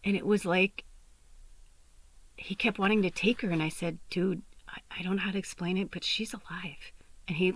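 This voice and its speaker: A woman's voice: mid-range voice, moderate pace, bright, forceful tone, dry recording. A young adult woman hosting a podcast, telling an emotional personal story with many fillers, on the verge of tears and often dropping to a whisper. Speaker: podcast host and medium.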